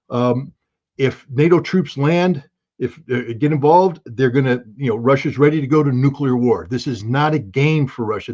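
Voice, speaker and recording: Blunt guy giving his take in an interview, emphatic, mid pitch, dull lo-fi sound. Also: darkish tone. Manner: blunt, emphatic, bursts of alarm. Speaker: guest analyst. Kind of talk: interview commentary.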